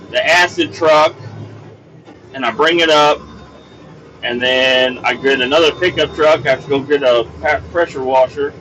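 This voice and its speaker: A man's voice: mid-range voice, slight background noise, poor audio. A man telling a work story as a podcast host, casual and profane, acting out what people said. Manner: profane, animated storytelling, acts out quoted dialogue.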